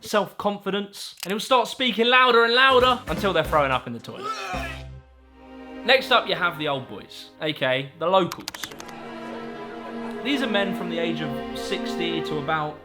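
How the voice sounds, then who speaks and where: A man's voice: high voice, expressive, normal speed. Young male narrator, wry comic delivery, faint music bed. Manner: wry, playful. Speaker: YouTuber. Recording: light music underneath.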